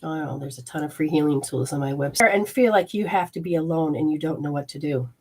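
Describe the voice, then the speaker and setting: A woman's voice: low voice, fast, darkish tone. A woman hosting a healing show, talking straight to the viewer, emphatic and folksy, with rhetorical questions and exclamatory asides. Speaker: host and energy healer. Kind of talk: instructional health show.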